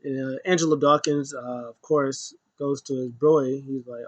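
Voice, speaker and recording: A man's voice: fairly even intonation, moderate pace. Rambling man recapping wrestling, lo-fi sound. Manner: rambling, many fillers and restarts, acts out quotes in a high voice. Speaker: wrestling show reviewer. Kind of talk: casual recap commentary.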